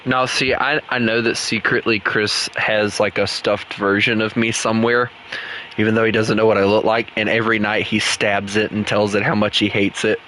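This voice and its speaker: A man's voice: fairly low pitch, flat delivery, moderate pace, bright, forceful tone, slight background noise, poor audio. A young man casually chatting while streaming a game with viewers, joking and mocking himself, often breaking into laughs.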